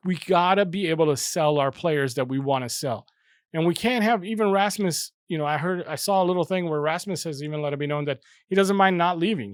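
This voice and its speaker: A young man who hosts a football fan channel rants heatedly to camera, passionate and casual, repeating himself for emphasis. His voice is on the high side, and the recording is dry and of studio quality.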